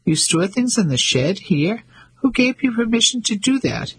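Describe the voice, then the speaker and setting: A man's voice: fairly high pitch, expressive, normal speed, breathy edge, low-quality recording. A man voicing an indignant, haughty Englishwoman who speaks defiantly in an audiobook reading. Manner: defiant, demanding.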